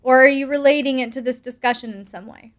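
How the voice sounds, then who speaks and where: A woman's voice: high voice, fairly even intonation, fast. A young adult woman hosting a live stream, reading viewer comments aloud with bubbly asides and frequent laughs. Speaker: host answering patron questions.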